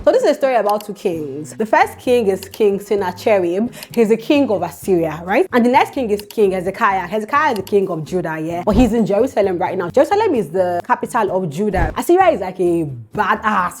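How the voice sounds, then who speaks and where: Nigerian woman retelling a bible story, chatty and animated, keeps asking if you get her, mid pitch, faint music under. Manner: chatty, animated, checks in with the viewer. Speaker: YouTube storyteller. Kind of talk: casual Bible storytelling vlog.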